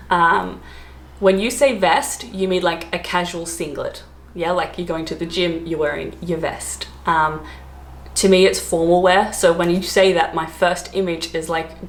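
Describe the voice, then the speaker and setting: Aussie woman vlogging, bit low voice, chatty and giggly, roomy echo. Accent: Australian. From Australia. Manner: chatty, laughs often, many fillers. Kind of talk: casual chat to camera.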